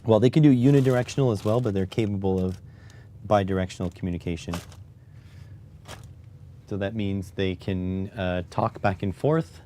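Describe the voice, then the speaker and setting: Low, mellow-voiced man streaming a build. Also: normal speed, long pauses, slight background noise. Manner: rambling, joking, self-deprecating. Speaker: electronics hobbyist streamer. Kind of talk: casual live-stream chat while building electronics.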